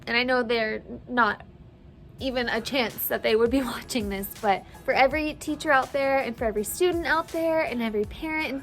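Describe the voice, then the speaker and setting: A woman's voice: high voice, a bit bright. A woman teacher talking in a casual vlog, emotional and gushing, tearful as she speaks. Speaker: teacher and vlogger.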